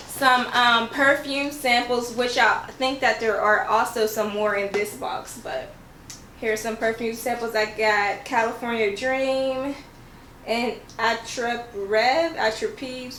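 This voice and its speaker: A woman talks fast and gushes her way through an unboxing vlog, often stopping to correct herself. Her voice sits a little high. The sound bounces around a roomy space at home, with a faint hum behind it. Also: a bit bright. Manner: gushing, chatty, keeps correcting herself. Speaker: YouTuber and English teacher. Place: at home, indoors.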